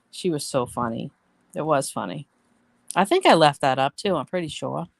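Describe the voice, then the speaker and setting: A woman's voice: low voice, animated, moderate pace, vocal fry, dry recording. A woman hosting a casual live stream, talking straight to her viewers and telling stories bluntly with plenty of swearing. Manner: blunt, swears freely, venting; chatty storyteller, talks to viewers. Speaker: livestream host.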